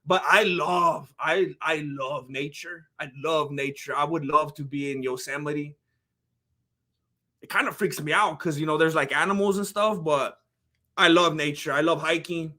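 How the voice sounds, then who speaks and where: A high-pitched man from California hosts a casual livestream, chatting loosely about fights and reading viewer comments aloud. His voice is bright and forward, and his talk wanders, padded with "like" and "you know.". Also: measured pace.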